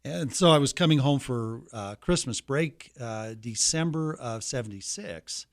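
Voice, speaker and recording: A man's voice: medium pitch, expressive, unhurried. A man in his seventies from Colorado, a guest in a casual interview, telling anecdotes at a leisurely pace with restarts.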